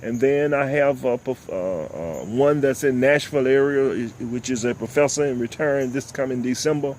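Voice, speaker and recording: An older man, hosting a talk show and delivering impassioned, preachy commentary, often repeating "ladies and gentlemen.". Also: medium pitch, normal speed, slight background noise. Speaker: host.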